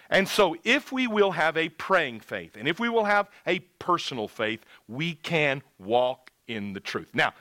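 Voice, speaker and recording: Animated, bright-voiced male preacher. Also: on the high side, dry recording. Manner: emphatic, drawn-out key words, addresses the congregation directly. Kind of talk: sermon.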